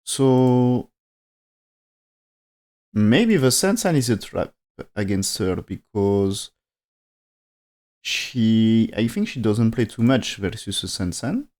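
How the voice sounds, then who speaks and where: Male go commentator, live-stream review, non-native English, halting and thoughtful delivery. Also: lowish voice, lively intonation, darkish tone. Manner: hesitant, thinking aloud with frequent restarts; speaks non-native English with dropped articles. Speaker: go game commentator.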